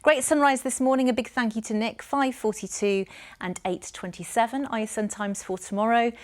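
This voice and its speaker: A woman's voice: a little high, steady tone, a little fast. A woman presenting the weather forecast in a chatty, upbeat way.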